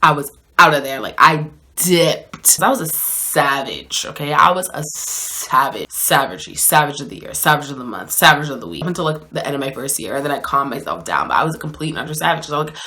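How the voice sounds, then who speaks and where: A woman's voice: deep voice, expressive, a little fast, sharp tone. A woman telling a dating story in a casual, slangy, chatty way, with plenty of "like" and "so anyways".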